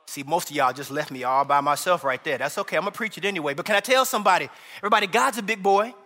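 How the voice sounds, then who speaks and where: Pastor guy preaching, high bright voice, big echoey church hall. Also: racing. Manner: animated preaching with humor and call-and-response. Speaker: associate pastor. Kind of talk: sermon.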